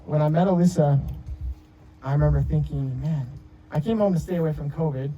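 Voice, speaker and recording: In a lo-fi clip, a twenty-something groom with a somewhat high, dark-toned voice talks fairly quickly. He tells heartfelt stories at his wedding, stumbling into frequent restarts and fillers as he goes.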